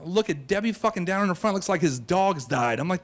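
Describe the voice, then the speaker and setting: A man's voice: high voice, lively intonation, a little fast, few pauses. A man telling a comic, self-mocking true story on stage to a live audience, in a brash, boastful way.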